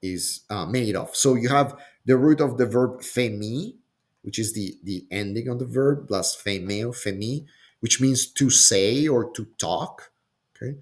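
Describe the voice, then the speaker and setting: A man teaching a Bible passage word by word, speaking slowly and deliberately, often pausing with "um" and checking in with "okay?". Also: mid-range voice. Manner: slow and deliberate, frequent "okay?" and "um", repeats words while thinking. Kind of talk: slow explanatory lesson.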